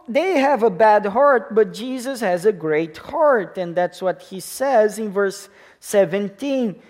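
A man's voice: sits high, a little mellow. A pastor in his thirties preaching a sermon in English, his second language, with a foreign accent. He repeats key words for emphasis and keeps checking in with the congregation. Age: 30s.

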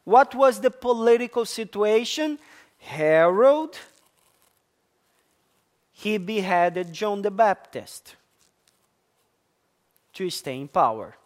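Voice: medium pitch, lively intonation, slow, pauses often. A preacher delivering a sermon, stressing and repeating key words and asking the congregation questions. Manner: emphatic, repeats key words, addresses listeners as church.

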